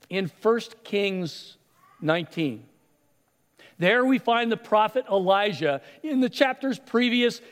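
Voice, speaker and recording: A man preaching a sermon, retelling stories with animated delivery and acted-out voices. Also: sits high, big-room sound. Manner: animated storytelling, acts out voices. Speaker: pastor.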